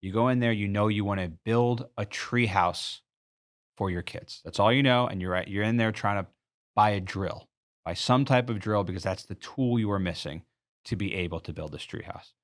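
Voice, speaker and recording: A man with a somewhat low voice delivers a sales training talk. He is earnest and instructive, building his case through a step-by-step everyday example. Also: moderate pace. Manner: earnest, explains through a walked-through store example. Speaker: sales coach.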